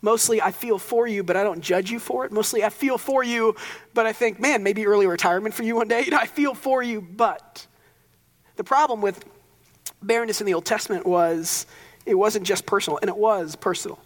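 A man's voice: high-pitched, moderate pace, big-room sound. A young man preaching a sermon as pastor, casual and conversational, with joking asides.

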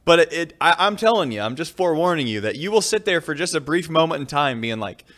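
A man's voice: fairly high pitch, sing-song, fast talker, a bit bright. A man co-hosting a casual sports talk show, musing on the feeling of winning in a rambling, reflective way. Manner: reflective, rambling, lots of fillers. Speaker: podcast co-host.

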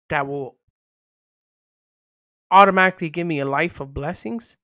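A podcast host giving informal devotional teaching, reading scripture aloud and riffing on it with slang and bursts of excitement. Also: medium pitch, normal speed, long pauses, dry recording, clean studio sound. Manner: animated, slangy, reads Bible passages aloud then riffs on them.

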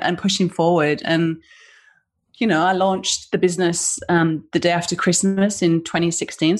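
Chatty woman on a video call. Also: on the low side. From Western Australia. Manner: chatty storyteller, acts out quotes, many fillers. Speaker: guest, small business founder. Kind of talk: casual interview over video call.

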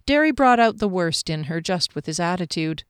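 A woman reading a fantasy novel aloud in a steady, even narrating voice. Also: lowish voice, moderate pace, smooth, no echo, clean studio sound. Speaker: audiobook narrator.

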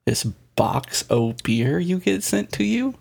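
A man's voice: high voice, big pitch swings, slow pace, vocal fry, darkish tone, breathy edge. A man co-hosting a podcast in casual chat, wry and teasing. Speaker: podcast co-host.

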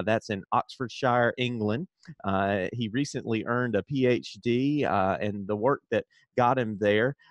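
A man's voice: mid-range voice, no echo. Southern-accented male podcast host. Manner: hesitant with many fillers when unscripted. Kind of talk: scripted intro then casual interview.

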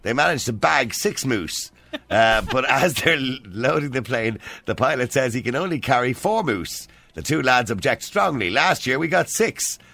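A man hosting a radio show, reeling off jokes in a jokey, chatty way. His voice is gravelly and bright, with a lively, rising and falling pitch. Faint music plays behind him. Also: normal speed, no echo. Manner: jokey, does put-on accents in jokes. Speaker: radio host. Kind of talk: casual chat, telling jokes.

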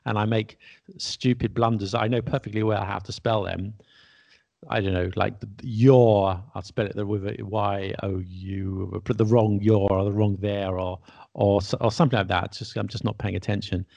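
A man's voice: lowish voice, steady tone, normal speed, vocal fry, a little mellow, no room sound, lo-fi sound. A man who teaches English, chatting casually and laughing at his own mistakes. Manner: chatty, self-deprecating, laughs often. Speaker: podcast host and English teacher. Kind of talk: casual conversation.

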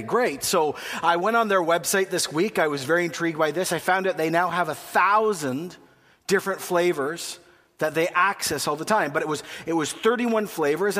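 A man's voice: on the high side, a bit bright. A Canadian man preaching a sermon in a chatty, joking way, asking the congregation questions. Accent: Canadian English. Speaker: pastor. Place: church hall. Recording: long hall reverb.

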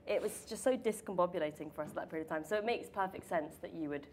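A woman's voice: lowish voice, fast talker, darkish tone, a little hiss or hum. A young woman asking her sibling questions in a casual chat, talking in a rambling way full of fillers. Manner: chatty, many fillers like "like". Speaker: interviewer, sibling of the guest.

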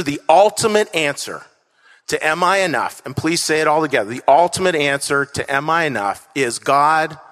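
A man's voice: a little high, bright, forceful tone. A man preaching a sermon to a congregation, earnest, repeating key phrases and leading the crowd in call-and-response. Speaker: pastor. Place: church stage before a congregation. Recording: echoey church hall.

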